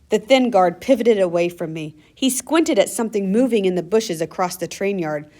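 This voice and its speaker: A woman narrating a first-person story in a measured, earnest audiobook reading. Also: mid-range voice, animated, dark tone.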